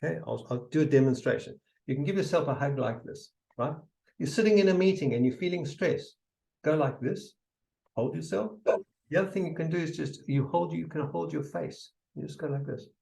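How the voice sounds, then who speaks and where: Gravelly-voiced man coaching a seminar. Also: fairly high pitch, fairly quick, low-quality recording. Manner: emphatic, repeats phrases, drops to soft whispers in demonstrations. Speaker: seminar speaker. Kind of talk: motivational seminar talk.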